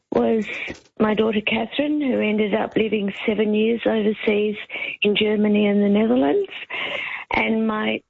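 An older woman calling in to radio, telling her story in a measured way. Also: medium pitch, creaky, breathy edge, dry recording. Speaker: caller. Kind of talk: phone-in call. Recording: tinny phone line.

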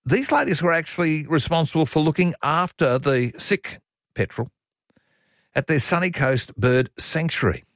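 A man's voice: on the high side, animated, normal speed, fairly bright tone, no room sound, clean studio sound. A man with an Australian accent hosting a radio show, in jokey, teasing banter. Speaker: radio host. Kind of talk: casual radio chat.

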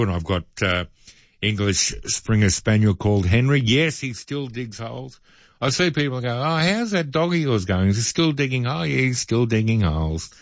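A man's voice: on the low side, gravelly, no room sound. Aussie radio guy chatting away, kinda dull dry studio sound. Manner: chatty, jokey asides. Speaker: radio host. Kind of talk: casual radio chat.

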